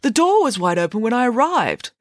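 A woman's voice: medium pitch, very animated, normal speed, dry recording, studio quality, voice pushed up. A woman reading a storybook, voicing a large, earnest teenage schoolboy who is bashful and dreamy about love.

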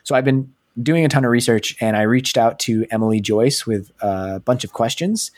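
A man's voice: mid-range voice, moderate pace, darkish tone. A man hosting a podcast, talking loosely in a casual, self-deprecating way. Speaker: podcast host.

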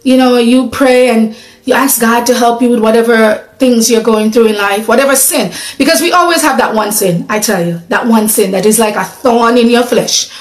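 A woman's voice: fairly high pitch, moderate pace, roomy sound, poor audio. A woman preaching a sermon in an earnest, conversational way, asking her listeners questions.

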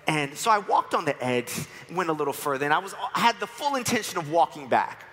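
A man in his forties from New York preaches to a congregation, weaving personal stories with playful humor. His voice sits a bit high and rings bright and forceful. The sound trails off in the long reverb of a church hall. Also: very animated, fairly quick. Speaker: church speaker. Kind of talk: sermon with personal testimony. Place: church sanctuary.

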